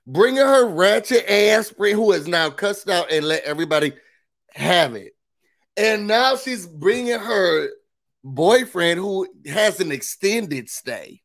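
A man's voice: sits high, lively intonation, slow pace, fairly bright tone. A man hosting a casual reality TV recap, talking in an emphatic, opinionated way with blunt asides.

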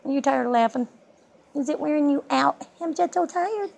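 A woman's voice: sits high, moderate pace, creaky, a little mellow. An older woman, a grandmother, coaxing her baby grandson in sing-song baby talk while filming him on her phone at home. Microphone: phone held while filming.

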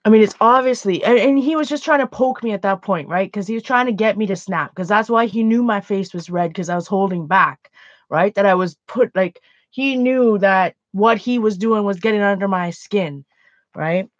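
A woman's voice: mid-range voice, moderate pace, no room sound. A woman chatting casually while painting, a laughing storyteller. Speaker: art vlogger. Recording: dull, dry lo-fi sound.

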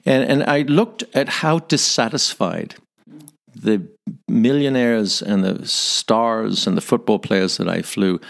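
A man in his fifties with a Northern Irish accent, a podcast guest telling stories with animated delivery, often repeating words as he searches. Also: lowish voice, slow, creaky. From Northern Ireland. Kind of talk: storytelling interview.

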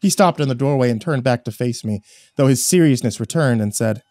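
A man's voice: mid-range voice, expressive, brisk, a little mellow, no echo. A man narrating a first-person horror story in a tense, dramatic reading.

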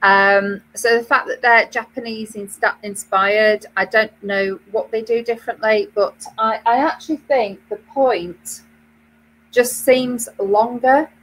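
A British woman with a British English accent co-hosts a knitting web show, chatting casually with many fillers and restarts. Her voice is fairly high, and the rough recording carries a little hiss or hum.

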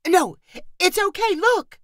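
Frazzled young aunt, high and strained, exclamatory, as a woman storyteller puts her on, dry sound. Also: animated, takes it slowly, a bit bright, no echo, full character voice. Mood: pleading. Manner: pleading, exclamatory outbursts. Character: frazzled young aunt, exasperated, at wits' end.

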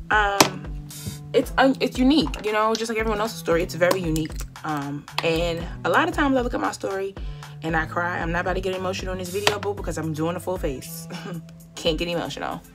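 A woman in her twenties doing her makeup at home while she talks candidly to her viewers, heartfelt and conversational, calling them y'all. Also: medium pitch. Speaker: beauty vlogger. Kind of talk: chatty get-ready-with-me monologue.

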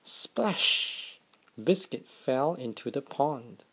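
A father gently reading a picture book aloud to his young children, in a slow, expressive way. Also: mid-range voice, gravelly.

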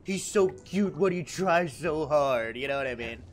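A young man live-streaming in casual chat, animated and profane as he jokes back at his viewers. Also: fairly high pitch, unhurried. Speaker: livestreamer.

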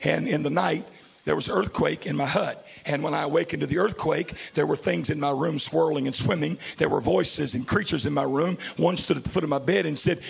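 Male pastor, slightly high and raspy, fiery revival preaching. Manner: fiery preaching, swings from hushed storytelling to shouting. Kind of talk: sermon. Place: large church.

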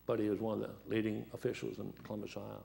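A man's voice: on the low side, flat delivery, fast talker, creaky, warm tone. An older man preaching as a guest, telling folksy, rambling stories and laughing at them. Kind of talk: sermon with storytelling.

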